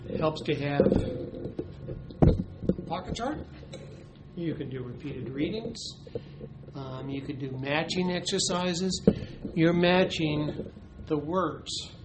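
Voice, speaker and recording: Male teacher educator, slightly high voice, hesitant, explanatory delivery, noisy recording. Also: slow pace, long pauses. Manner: explanatory, with frequent ums and uhs. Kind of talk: instructional demonstration.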